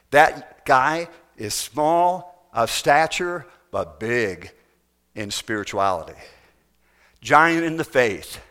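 A man preaching a sermon in a folksy, emphatic way, swinging between loud bursts and soft, low phrases. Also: clear, resonant tone. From United States.

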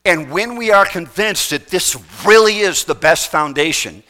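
A man's voice: high voice, normal speed, bright, forceful tone. A middle-aged man preaching a sermon, pressing his point with repeated rhetorical questions. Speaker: pastor.

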